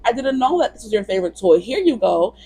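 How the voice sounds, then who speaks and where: A woman voicing a sweet, apologetic little girl cat from a children's cartoon, pitched up. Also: big pitch swings, fast, mellow, breathy edge, no room sound, heavily acted.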